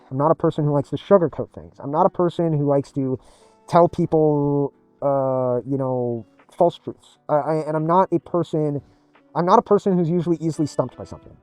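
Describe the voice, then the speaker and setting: A man with a slightly high voice tells a rambling personal story. He is emphatic, repeats himself and swears freely. The sound is close and dry, with faint music underneath. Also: dark tone, no room sound. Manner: emphatic and repetitive, swears often. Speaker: gaming video creator.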